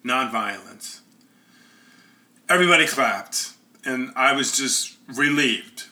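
Earnest man with a bright, forceful voice. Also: fairly high pitch, animated, normal speed. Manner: earnest, conversational. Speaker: storyteller. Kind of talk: first-person storytelling.

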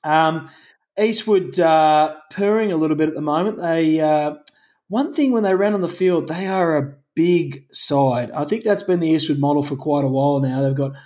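A man's voice: a little high, moderate pace, a little mellow. An Australian man hosting a rugby podcast, chatty and jokey as he moves the talk along. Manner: chatty, jokey, leads the segments. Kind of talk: casual chat.

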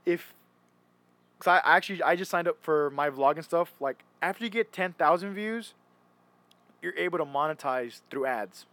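A man's voice: on the high side, moderate pace, fairly bright tone, no room sound. A young man chatting casually, rambling and restarting often as he retells stories. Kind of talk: casual chat.

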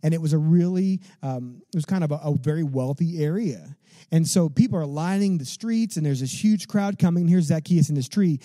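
A man preaching a sermon as a pastor, in an animated, conversational way, full of rhetorical questions and casual fillers. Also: a little high, a little fast, dry recording.

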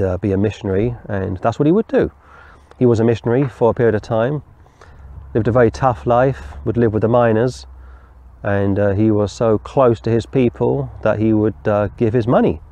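Gravelly low-voiced preacher. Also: male voice, mellow. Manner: deliberate, explanatory, digresses into storytelling. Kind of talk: verse-by-verse Bible teaching.

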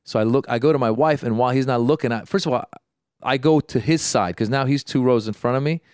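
A man telling a story in casual chat, animated, with quick restarts and stammers. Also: mid-range voice, smooth, dry recording, clean studio sound. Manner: animated, acts out the people in his story. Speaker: guest.

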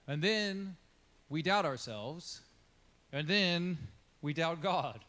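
A male pastor delivers a relaxed, chatty sermon at a slow pace in a fairly high voice. He acts out what people in the story say and slips in questions and asides to the congregation.

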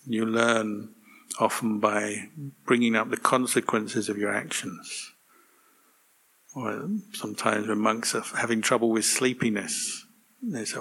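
A man, a monk, giving a relaxed, gently humorous dharma talk to a meditation group. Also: on the low side, a little slow, breathy edge.

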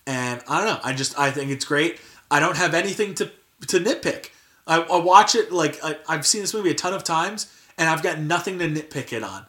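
A man's voice: a little high, expressive, fairly quick, bright, forceful tone. A young man hosting a casual podcast, chatting loosely with lots of "like" and restarts. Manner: filler-heavy, frequent "like" and restarts. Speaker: podcast host. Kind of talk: casual chat.

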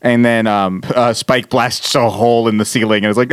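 A man on a casual podcast, retelling a TV episode in animated bursts and quoting the characters as he goes. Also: medium pitch, moderate pace, smooth, no echo, studio quality. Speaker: podcast host. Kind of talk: casual chat recapping a TV episode.

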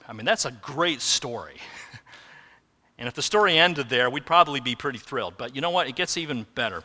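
A man preaching a sermon in earnest, building to emphatic peaks and then dropping low and slow. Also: bright, forceful tone, big-room sound. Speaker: pastor.

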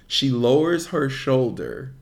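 A man, co-hosting a podcast in casual chat and telling a story with lively, laughing delivery. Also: slow, vocal fry. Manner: animated storyteller, laughs often, voice jumps high. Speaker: podcast co-host.

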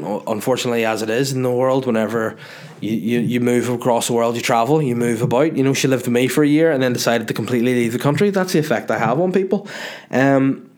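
A man's voice: mid-range voice, a little mellow. Northern irish man, young, casual chat, swearing, joking, reads messages out. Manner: loose and jokey, swearing, reads messages aloud. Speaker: comedian answering viewer questions.

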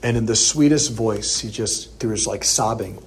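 A priest preaching a sermon, telling a personal story in an animated way and acting out the quoted lines. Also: male voice, on the low side, moderate pace, slight background noise.

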